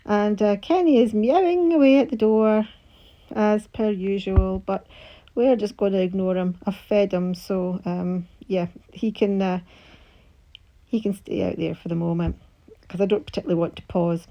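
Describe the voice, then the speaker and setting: A woman's voice: mid-range voice, steady tone, normal speed, dull audio. A woman with a thick Scottish accent, chatting casually and rambling through a myth while she crafts, with many fillers and restarts. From Scotland. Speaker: crafting channel host.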